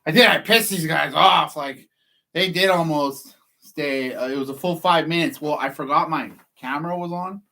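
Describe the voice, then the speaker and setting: A man's voice: a little high, normal speed, gravelly, sharp tone. Profane rambling man storytelling. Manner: profane, rambling, laughs at himself. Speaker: process server vlogger. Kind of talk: casual storytelling monologue.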